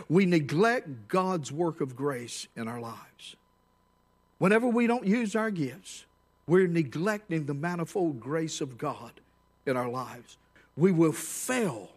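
High-voiced preacher who swings loud and low. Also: male voice. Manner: storytelling preacher, rises to shouts at the climax; drops low and quiet on key words. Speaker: pastor. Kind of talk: sermon.

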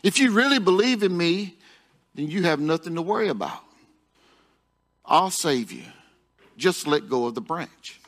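A man voicing the Lord in a joke, speaking calmly and reassuringly from above. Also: fairly high pitch, unhurried, long pauses.

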